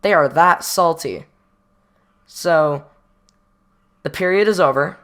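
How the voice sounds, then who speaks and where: A man's voice: on the high side, slow, fairly bright tone, clear, resonant tone. A guy telling a casual storytime about his day, rambling and slangy, acting out the dialogue and joking at his own expense. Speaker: storytime vlogger.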